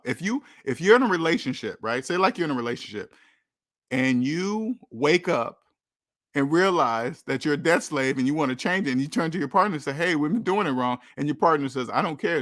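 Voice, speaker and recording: A man's voice: a little high, a bit bright, no echo, studio quality. A man hosting a casual call-in chat, talking emphatically and repeating himself for effect, laughing often. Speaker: podcast host.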